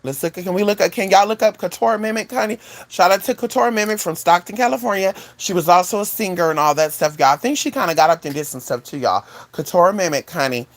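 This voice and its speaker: A woman vlogger telling a casual story to her viewers, animated, with asides to the audience. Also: quick pace. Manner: animated, swoops high for quoted voices, chatty asides to viewers.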